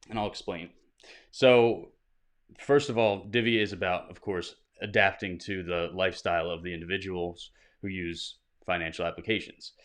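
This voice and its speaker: A man hosting a weekly livestream Q&A, reading viewer questions aloud and answering off the cuff in an upbeat, conversational way. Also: on the low side. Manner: upbeat greeting viewers by name. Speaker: host of a weekly crypto livestream. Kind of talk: casual livestream Q&A.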